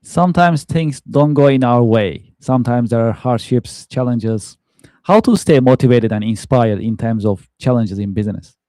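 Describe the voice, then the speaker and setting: Man, host, mellow voice, dry recording, measured questions. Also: medium pitch, dry recording. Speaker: podcast host. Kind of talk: reading interview questions.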